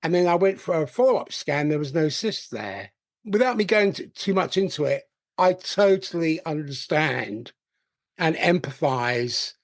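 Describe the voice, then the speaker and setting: A man's voice: on the high side, expressive, a little slow, dry recording, studio quality. A man hosting a podcast interview, sympathetic and conversational. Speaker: podcast host. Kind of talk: casual interview chat.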